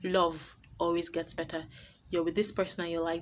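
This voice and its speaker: A woman's voice: on the low side, little pitch movement, moderate pace, slight background noise. A woman hosting her own advice vlog, talking to camera in a blunt, emphatic way. She laughs easily and often repeats her points. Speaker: vlogger host.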